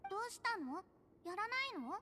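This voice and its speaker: A woman voicing a lively, curious young girl in a video game, chattering in a bouncy, childlike way. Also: very high-pitched, racing, heavily acted. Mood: eager.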